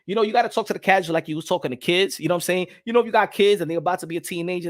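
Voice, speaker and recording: A man hosting a casual boxing live stream, talking animatedly, repeating himself and shouting out chat viewers. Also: high-pitched, rapid-fire, hardly any pauses. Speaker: boxing channel host.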